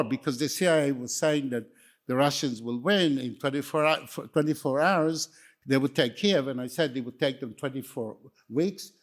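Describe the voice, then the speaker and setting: Wry older man giving a rambling talk. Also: fairly high pitch. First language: not English. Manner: wry, anecdotal, digressive. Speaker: speaker. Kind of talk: lecture talk.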